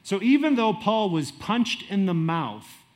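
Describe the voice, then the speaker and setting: A middle-aged man preaching with a fairly high voice. His delivery is lively, rising loud and dropping quiet, and he acts out little asides as he goes. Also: measured pace. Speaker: pastor. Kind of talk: sermon.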